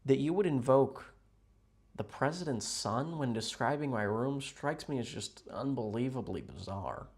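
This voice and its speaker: A man chatting casually with viewers on a livestream from a hotel room, rambling, playful and sarcastic, jumping between loud outbursts and mutters. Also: medium pitch, lively intonation, measured pace. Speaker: livestream host.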